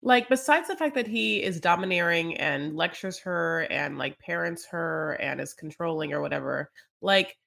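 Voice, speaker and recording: A woman's voice: on the low side, normal speed, gravelly, hardly any pauses, a bit bright. A woman co-hosting a podcast, rambling casually with lots of fillers as she recaps a reality show. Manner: rambling, lots of "like" and "you know". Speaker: podcast co-host.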